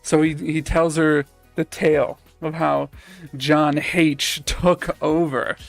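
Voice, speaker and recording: A man improvises a story during a board game stream, playful and giggly. His voice is fairly high, gravelly and slow. Faint music plays behind the dry, close sound. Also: flat delivery, dry recording.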